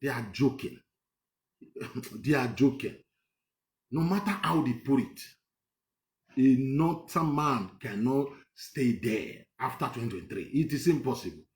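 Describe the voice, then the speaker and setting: A man's voice: medium pitch, lively intonation, a little slow, pauses often, echoey room. A man giving a heated, rambling political monologue, repeating his points for emphasis. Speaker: political commentator.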